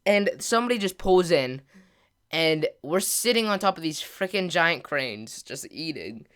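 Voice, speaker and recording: Rambling young-sounding gaming host, smooth voice. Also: male voice, a little high, a little slow. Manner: rambling, peppered with filler words and mild slang; grows louder and more excited as the story climaxes. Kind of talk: casual storytime over gameplay.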